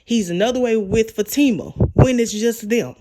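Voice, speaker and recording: A woman's voice: on the high side, moderate pace, noisy background. A young adult woman giving a casual recap of a TV episode, retelling scenes and acting out the characters' lines. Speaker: TV show reviewer.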